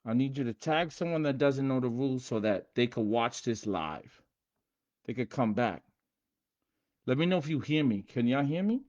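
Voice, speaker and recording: A man hosting a casual livestream, hyped and streetwise, repeating himself and shouting out viewers by name. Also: medium pitch, expressive, moderate pace, muffled recording. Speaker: livestream host teaching game rules.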